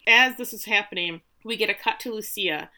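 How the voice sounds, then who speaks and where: Bright-voiced woman recapping from notes. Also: mid-range voice, a little fast. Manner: reads from notes, acts out quotes. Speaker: podcast co-host. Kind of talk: casual recap chat.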